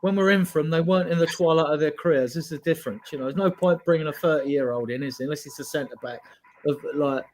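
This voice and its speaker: A man co-hosting a football fan podcast, talking through results and tactics in a measured, analytical way. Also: on the high side, darkish tone, a little hiss or hum, low-quality recording. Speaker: podcast co-host. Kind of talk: casual football chat.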